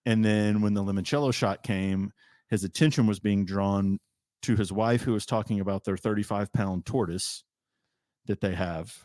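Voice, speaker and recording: Male podcast host, low voice, chatty storyteller, dry close sound. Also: moderate pace, no echo. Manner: chatty storyteller, animated retelling. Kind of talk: casual chat.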